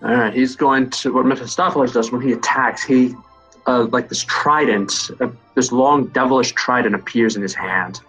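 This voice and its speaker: A man runs a tabletop fantasy game as its game master. He keeps his delivery steady and measured while laying out rules and calling out damage numbers. Soft music plays faintly behind him. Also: medium pitch, slightly rough, rough recording.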